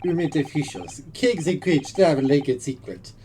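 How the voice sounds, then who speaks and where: A gruff Russian sailor guarding a cabin door, put on by a streamer, barking short broken-English lines with bouncing pitch. The voice stays blunt and suspicious. A steady noise sits under the stream audio. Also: moderate pace, lightly acted. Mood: boastful. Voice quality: broken English, clipped and loud. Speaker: game character. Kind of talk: solo voice acting of a game playthrough.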